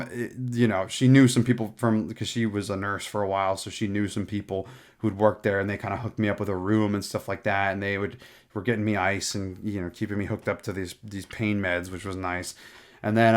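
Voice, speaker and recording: A young man hosting a casual show, telling a long personal story in a rambling, profane way full of fillers and restarts. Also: fairly low pitch. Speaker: podcast host.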